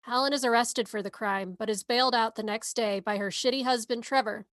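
A woman's voice: fairly high pitch, fairly even intonation, brisk, a bit bright, no room sound. A woman podcast co-host giving a movie synopsis in a casual, sarcastic way. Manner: sarcastic, wry asides.

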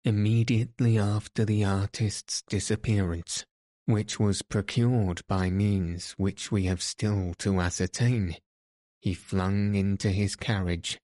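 A man's voice: on the low side, fairly even intonation, slow pace, darkish tone, dry recording, clean studio sound. A man voicing a smug, self-satisfied police commissary who questions and lectures in a pointed way. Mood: questioning.

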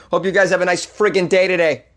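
A young man hosts a comedy podcast in a casual, playful way, swearing and poking fun at himself. He speaks with a Boston accent and a fairly high voice. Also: little pitch movement, moderate pace, a bit bright. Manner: playful, swearing, self-mocking. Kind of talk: casual announcement.

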